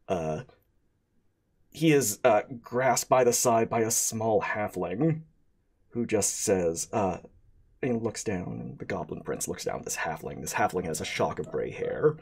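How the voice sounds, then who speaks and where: A man running a tabletop game as game master, tired from lack of sleep and stumbling over his words with constant fillers. His voice is husky and breathy, and it swings widely up and down in pitch. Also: darkish tone. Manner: halting, full of "uh" and restarts. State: sleep-deprived.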